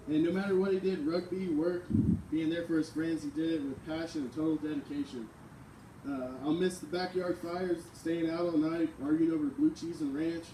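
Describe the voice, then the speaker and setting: A young man in his twenties gives a halting eulogy for his best friend, filling pauses with "uh." His voice is mellow and slightly high. He is picked up from far off in an echoing space. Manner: hesitant, with many "uh"s. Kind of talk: memorial speech. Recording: echoey, distant mic, faint noise.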